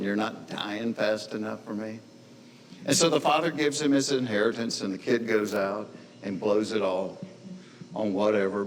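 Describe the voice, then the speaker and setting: A middle-aged man speaking to an audience at a men's gathering, retelling a story in a folksy, conversational way and slipping into different voices for the characters. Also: on the low side. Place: large hall with audience. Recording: long hall reverb, faint noise.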